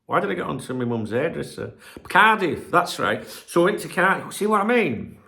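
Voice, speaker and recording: A man's voice: fairly high pitch, very animated, normal speed, gravelly, pushed and bright. A middle-aged man hosting his own channel, chatting casually at home, rambling, losing his train of thought and swearing freely. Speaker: channel host. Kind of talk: casual rambling chat to camera. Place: home room where he streams.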